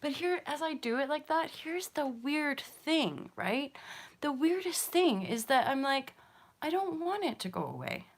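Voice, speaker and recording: A woman in her thirties, a yoga and meditation teacher, talking casually to her viewers in an emotional, expressive way, laughing often and swearing freely. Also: high voice, a little slow. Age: 30s. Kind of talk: emotional casual talk to camera.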